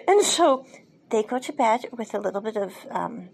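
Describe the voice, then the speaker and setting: A woman who is an adult and a parent hosts a podcast, recapping and reviewing a drama in a chatty, casual way with frequent asides and occasional laughter. Her fairly high voice has lively intonation and moves at normal speed.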